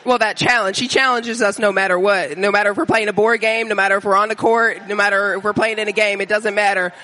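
Hoarse woman guest, very bright tone. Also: medium pitch, steady tone, quick pace. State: hoarse from screaming. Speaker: guest, basketball player. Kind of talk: live podcast interview.

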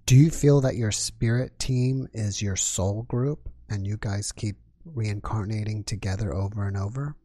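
Interviewer with a dark husky voice, dry close sound, short questions. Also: medium pitch, measured pace, few pauses, dry recording. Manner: brief listening responses. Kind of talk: casual interview.

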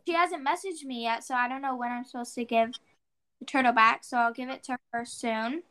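A teenage girl chatting on a podcast with a high, bright voice. She rambles through a story with plenty of "like"s and jumps into her own past exclamations as she tells it. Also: fairly even intonation, brisk, clean tone. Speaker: podcast co-host. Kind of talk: casual chat.

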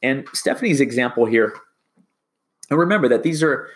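A man's voice: medium pitch, expressive, normal speed. A male teacher giving a classroom lecture, rambling and often restarting his sentences.

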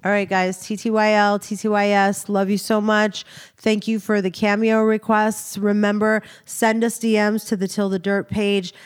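A woman's voice: medium pitch, flat delivery, normal speed, clean tone. Female podcast co-host, stuffy-nosed, chatty and rambling. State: congested, nasal from a cold. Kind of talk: casual chat.

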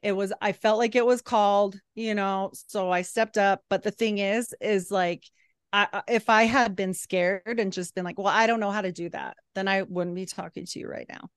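Smooth-voiced encouraging woman host. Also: medium pitch, steady tone, normal speed, dry recording, studio quality. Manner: earnest, encouraging, laughs often. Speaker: podcast host. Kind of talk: casual chat.

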